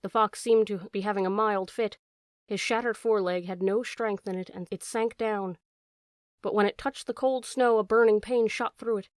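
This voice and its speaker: A woman's voice: medium pitch, steady tone, moderate pace, no room sound. Woman reading a storybook, dry close mic. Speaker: audiobook narrator. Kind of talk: storybook narration.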